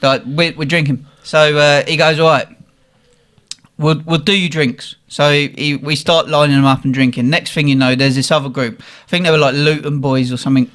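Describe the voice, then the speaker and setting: Animated young man. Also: fairly high pitch, moderate pace. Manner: animated, swearing, laughing at his own story. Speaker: guest telling a story. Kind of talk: casual storytelling.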